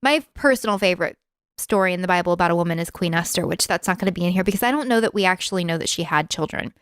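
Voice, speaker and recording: Smooth-voiced woman in casual chat. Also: fairly low pitch, very fast, no room sound, studio quality. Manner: explains stories in an easy, conversational way. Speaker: podcast co-host.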